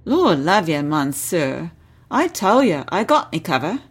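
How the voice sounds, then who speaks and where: A woman's voice: on the low side, very animated, unhurried, husky, full character voice. A woman voicing a cheeky, freckled Cockney cabin boy with a cocky manner, read aloud from a novel. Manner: cocky, grinning, then pleading.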